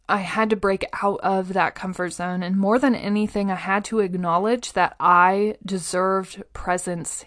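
A woman speaks in an earnest, encouraging motivational talk, at an ordinary middle pitch. She is conversational and keeps checking in with the listener as she goes. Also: fairly bright tone, no echo, studio quality. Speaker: motivational podcast host.

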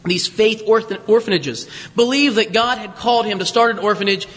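A man's voice: sits high, animated, fairly quick, fairly bright tone, big-room sound. A man preaching a conversational sermon, teaching from scripture with joking asides to his congregation. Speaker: pastor.

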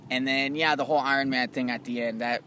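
A young man in casual chat about movies, loose and animated, swearing freely and calling his friend dude and bro. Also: mid-range voice, fast, slight background noise.

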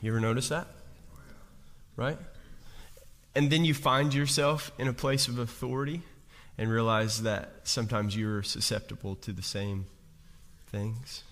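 Male pastor, mid-pitched, casual joking preaching with lots of restarts, reverberant church hall. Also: fairly even intonation, unhurried, pauses often, fairly bright tone. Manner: chatty, jokey, asks the congregation questions, many restarts. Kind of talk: conversational sermon.

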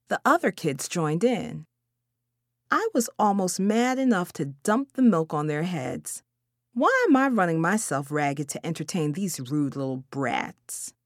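A woman reading a first-person story about a children's party in a deliberate, animated way. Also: on the low side, no echo, studio quality. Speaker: audiobook reader of a parent's story.

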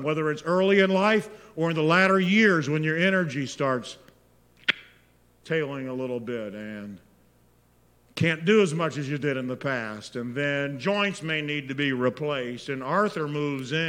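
A man preaching a sermon as pastor, moving between hushed, intimate prayer and loud, impassioned exhortation. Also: fairly high pitch. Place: church sanctuary. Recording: long reverb of a large hall.

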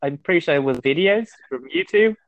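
A man's voice: fairly high pitch, animated, fairly quick, narrow, tinny audio. Guy from mexico who sounds british, dry and a bit hesitant, guest on a gaming chat. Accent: British-sounding English.

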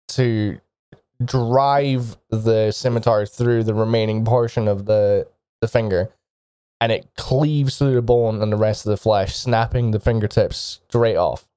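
A man narrating a tabletop game as game master, in a measured, descriptive way. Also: mid-range voice, warm tone, clear, resonant tone, dry recording, studio quality.

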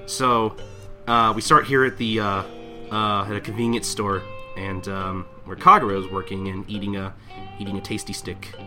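A young man hosting a podcast, casually recapping manga chapters, laughing and acting out characters in quick voices. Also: lowish voice, flat delivery, bright, forceful tone, faint music behind. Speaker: podcast host.

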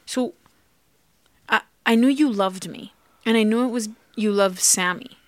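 A woman's voice: on the high side, unhurried, no echo. A woman co-hosting a relationship podcast, talking in casual chat with a heartfelt, confessional manner and acting out remembered quotes. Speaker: podcast co-host.

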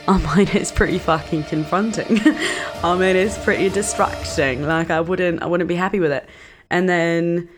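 A young woman in her twenties, hosting a podcast and telling a story in a brash, sweary, animated way. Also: lowish voice, unhurried, music in the background. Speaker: podcast host. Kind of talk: casual storytelling monologue.

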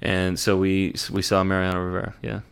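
Young man, low-ish voice, relaxed podcast banter full of fillers. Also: a little fast, gravelly, clean tone. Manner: laid-back, profane, many fillers and restarts. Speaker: podcast co-host. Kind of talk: casual chat about sports.

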